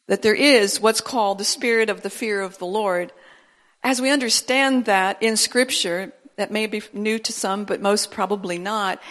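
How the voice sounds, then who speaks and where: High-voiced woman preaching a sermon. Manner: animated, rising to emphatic declarations. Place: church service.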